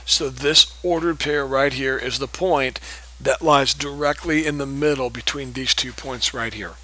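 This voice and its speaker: A patient male math teacher leads a recorded geometry lesson, repeating important points and checking in with "okay?" as he solves problems. He speaks a little slowly at medium pitch, with fairly even intonation and a sharp tone. The recording quality is rough.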